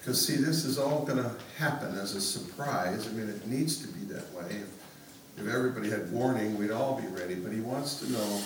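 A man preaching a sermon, leading the congregation in a calm, inviting way. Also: on the low side, moderate pace. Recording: echoey room, mic far off, room noise.

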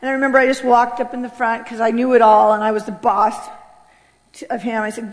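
A woman from California giving an emotional personal testimony, swinging between loud outbursts and hushed, low passages. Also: little pitch movement, fairly quick. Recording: long hall reverb.

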